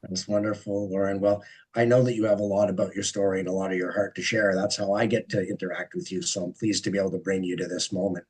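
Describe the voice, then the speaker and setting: A man moderating a discussion panel, his voice low-pitched and husky. He introduces each guest earnestly and personally, often ending a thought with a questioning "eh?". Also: level tone, quick pace, poor audio. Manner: warm, earnest, personal introductions with frequent "eh?" tags.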